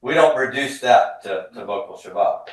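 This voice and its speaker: Guy teaching a class, low-ish voice, quick questions, echoey room from far away. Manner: drills students with quick questions. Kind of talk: classroom Hebrew grammar lesson.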